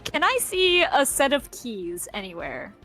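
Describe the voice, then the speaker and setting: A woman playing a tabletop game, speaking in a giggly, expressive way. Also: high-pitched, measured pace, faint music behind. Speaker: player. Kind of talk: casual tabletop play.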